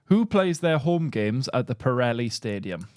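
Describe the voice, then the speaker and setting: A man's voice: medium pitch, big pitch swings, normal speed, a little mellow, no echo, clean studio sound. Man hosting a casual podcast quiz. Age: young adult. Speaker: quizmaster host. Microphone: podcast mic on video call.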